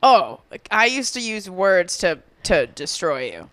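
Smooth-voiced woman, blunt and crude. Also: mid-range voice, very animated, a little slow, a bit bright, no room sound. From Boston, USA. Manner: blunt, crude, laughs often. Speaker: podcast co-host, stand-up comedian. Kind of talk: casual chat.

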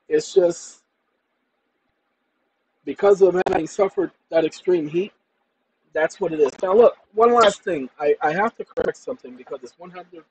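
A man's voice: fairly high pitch, rough recording. A tired man hosting a casual online talk, wandering off topic as he works. His delivery is loose and chatty, with a faint hiss under the voice. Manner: rambling, repeatedly addresses "ladies and gentlemen". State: tired after a long day. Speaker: channel host. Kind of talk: casual screen-share tutorial and monologue.

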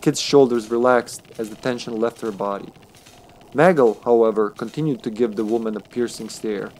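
A man's voice: mid-range voice, fairly even intonation, moderate pace, darkish tone, slight background noise. A man streaming a text game, narrating it aloud with chatty, jokey asides. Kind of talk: casual game narration with commentary.

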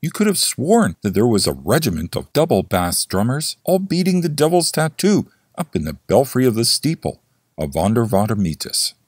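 Give me a husky man reading a classic tale aloud, lively and expressive. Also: mid-range voice, moderate pace, no room sound, studio quality. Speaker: audiobook narrator. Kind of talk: scripted horror story narration.

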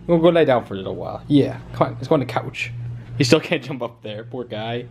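A man vlogging from his living room, swinging between relaxed chatter to viewers and a lilting, animated voice for his dog. His middle-pitched voice moves widely up and down. Faint household noise sits behind him. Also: a little fast, creaky. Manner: coos at his puppy in a higher, sing-song voice. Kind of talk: casual home vlog.

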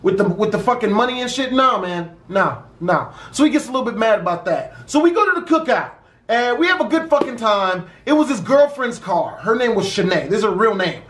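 A young man with a strikingly high voice tells a story with plenty of swearing and slang. His voice rings out in a room with a lot of echo. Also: fairly quick. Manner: profane, animated street slang. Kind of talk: casual story time. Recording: roomy echo.

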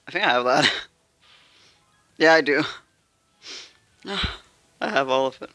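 A young adult gamer giving casual, excitable commentary while pulling cards in a mobile game, calling out in pleading bursts and squeals. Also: medium pitch, slow pace, pauses often, no echo. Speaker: gameplay streamer. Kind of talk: casual gacha gameplay commentary.

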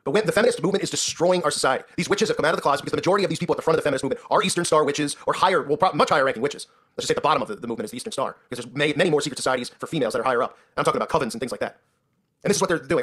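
A man with a husky, somewhat raised voice rants through his own commentary show. He talks at a breakneck pace, indignant and sarcastic, tossing in "right?" again and again. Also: fairly high pitch, racing, fairly bright tone. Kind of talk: ranting commentary.

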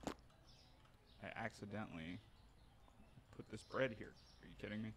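A man giving casual gameplay commentary, narrating his own moves with animated mock outrage. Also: on the low side, unhurried, a little hiss or hum. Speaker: gaming streamer.

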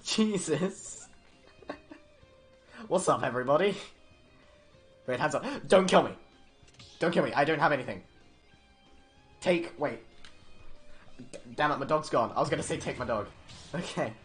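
A young man giving excited, stammering live commentary on his game stream, laughing often. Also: a little high, unhurried, long pauses, faint music behind.

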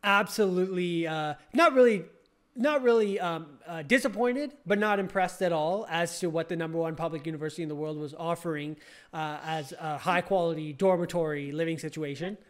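A man's voice: fairly high pitch, brisk, fairly bright tone. A young man casually recounting a story, rambling with lots of fillers and restarts. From California. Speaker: podcast host.

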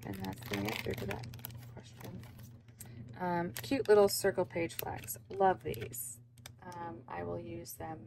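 A young woman talks through an unboxing at her home desk in an easy, rambling way, full of ums and likes. Her voice sits low and has a gravelly fry to it. There is a steady hiss of noise under the recording. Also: a little slow. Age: young adult. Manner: rambling, chatty, many fillers. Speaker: planner vlogger. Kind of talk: casual unboxing chat. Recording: noisy background.

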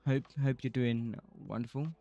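A man's voice: mid-range voice, fairly even intonation, normal speed, creaky, dark tone, dry recording, dull audio. A man streaming a building game, rambling casually, swearing freely and laughing often. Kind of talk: casual livestream commentary while gaming.

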